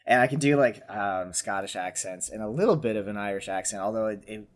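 A man's voice: fairly low pitch, brisk. A man talking loosely about playing characters on a tabletop game show. He rambles and peppers his talk with fillers, often trailing off. He keeps it easy and conversational. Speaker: tabletop game podcast player. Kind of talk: casual chat.

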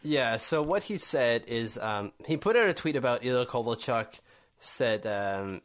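A man's voice: mid-range voice, animated, a little slow, a bit bright. Chatty man arguing hockey on a podcast. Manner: chatty, argumentative, reads quotes aloud with many fillers. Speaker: podcast co-host. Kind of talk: casual sports chat.

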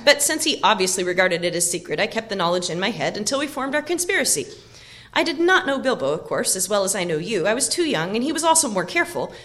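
A woman voicing a clever, loyal young male hobbit in an audiobook reading, brisk and confiding. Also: mid-range voice, fairly bright tone, pitched above the performer's own voice.

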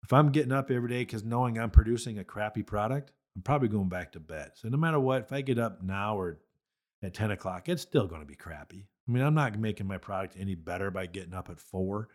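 A man's voice: lowish voice, quick pace, darkish tone. A man who raises beef cattle, hosting a podcast and talking bluntly and emphatically about marketing with folksy conviction. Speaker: cattle farmer and podcast host. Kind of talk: motivational podcast talk.

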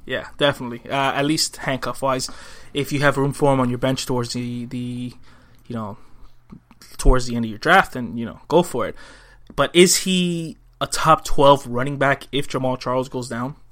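A man's voice: mid-range voice, moderate pace, a bit bright. A man co-hosting a podcast, chatting casually and reading listener questions. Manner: conversational, reads listener mail. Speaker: podcast co-host. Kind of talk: casual chat.

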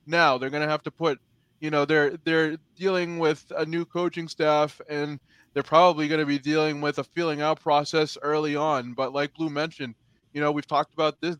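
A man co-hosting a sports podcast, measured and hedging in casual chat. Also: a little high, fairly bright tone, clean tone, dry recording. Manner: measured, hedging with you know. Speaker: podcast co-host.

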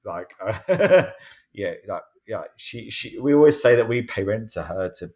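A podcast panelist speaks at a measured pace in a voice on the low side. Chatting casually, he drifts through a long anecdote, animatedly acting out everyone's lines in their own voices.

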